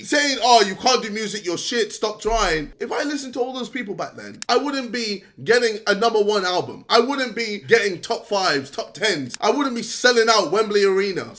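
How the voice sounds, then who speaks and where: A man's voice: high-pitched, sharp tone. Exasperated young man ranting at a friend. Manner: exasperated, scolding, swearing, laughing between points. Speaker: vlogger addressing a fellow creator. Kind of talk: direct-to-camera rant.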